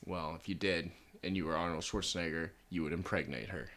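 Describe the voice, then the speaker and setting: Deep-voiced man as a laid-back podcast guest. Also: steady tone, brisk, a bit bright. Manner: laid-back, rambling with fillers and wry jokes. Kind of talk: casual podcast chat.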